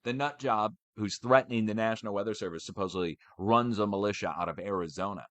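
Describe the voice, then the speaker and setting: A man giving a casual, animated ranting update for his channel, swearing as he goes. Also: lowish voice, quick pace, dry recording. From United States. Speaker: channel host.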